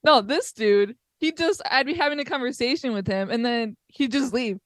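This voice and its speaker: A woman's voice: fairly high pitch, moderate pace, dry recording, clean studio sound. A young woman, a podcast guest, chatting casually with laughter and swearing as she tells stories about home. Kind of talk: casual chat.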